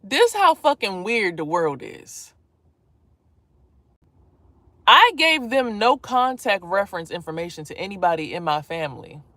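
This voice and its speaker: A woman vlogger telling a personal story in a casual, animated way, swearing freely and acting out what people said. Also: mid-range voice, normal speed, dry recording. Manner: animated, profane, acts out quotes.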